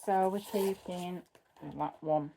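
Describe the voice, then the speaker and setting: A woman's voice: fairly low pitch, fairly even intonation, slow pace, dark tone, a little hiss or hum. A woman who runs a cross-stitch channel, chatting casually at home as she sorts through her craft kits, thinking aloud and correcting herself as she goes.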